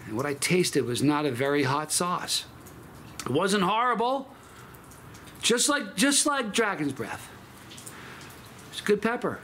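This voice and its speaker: Guy talking to his channel, kinda high voice, rambles and restarts a lot, faint hum behind. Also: expressive, unhurried, pauses often, fairly bright tone. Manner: emphatic, rambling, with frequent restarts and self-corrections. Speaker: channel host. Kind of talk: casual storytelling monologue.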